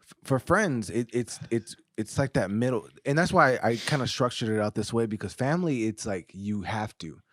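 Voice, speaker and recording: A man's voice: mid-range voice, animated, moderate pace, dry recording. A man co-hosting a podcast, thinking aloud in reflective casual chat, circling back with restarts. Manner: reflective, hedging, many fillers and restarts. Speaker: podcast co-host.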